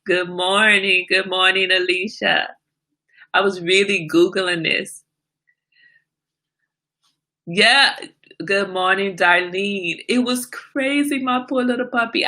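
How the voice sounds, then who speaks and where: A woman hosting a casual livestream who tells a story with animated delivery, greeting viewers and answering their comments along the way. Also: on the low side. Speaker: livestream host.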